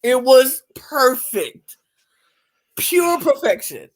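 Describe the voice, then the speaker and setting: A woman co-hosting a podcast, telling the story with animated, loud reenactments in casual chat. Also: high-pitched, drawn-out words, low-quality recording. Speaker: podcast co-host.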